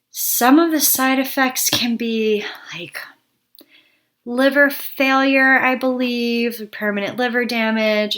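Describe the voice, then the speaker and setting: A woman's voice: medium pitch, sharp tone. A woman giving a casual personal health update to her viewers, candid and worried, a little out of breath and often restarting her sentences. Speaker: health vlogger.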